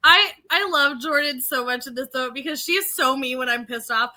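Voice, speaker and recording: A woman's voice: high voice, brisk, bright, forceful tone. A woman co-hosting a reality show podcast, chatting animatedly, laughing often and restarting her sentences. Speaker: podcast co-host. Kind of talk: casual chat.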